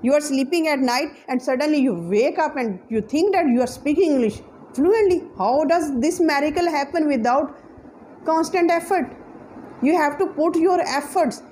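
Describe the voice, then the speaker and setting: High-voiced woman urging learners on. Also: normal speed, a little mellow, slight background noise, poor audio. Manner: earnest, repetitive exhortations with non-native grammar slips. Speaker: English teacher. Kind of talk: motivational English lesson.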